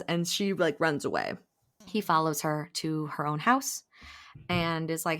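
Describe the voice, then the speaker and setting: Brief: lower-pitched woman, animated book-recap host, acts out quotes. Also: a little slow. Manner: animated retelling, acting out quotes, frequent laughs. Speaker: podcast host. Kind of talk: casual book-recap chat.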